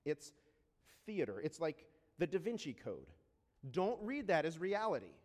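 A man preaching a sermon in a conversational way, often checking in with rhetorical questions and slowing down to read scripture deliberately. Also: a little high, huge pitch swings. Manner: reads scripture slowly and deliberately. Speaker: pastor. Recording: long reverb of a large hall.

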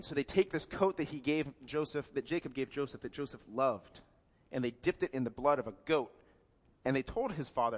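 A man preaching a sermon to a congregation, retelling a story in a casual, wry way with asides and quick self-corrections. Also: medium pitch, animated, in a large hall. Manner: corrects himself mid-sentence. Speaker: pastor.

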